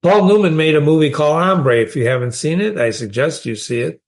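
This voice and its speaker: A man's voice: on the high side, animated, fairly quick. Man explaining a story. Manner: conversational, asks the listener questions. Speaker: literature teacher.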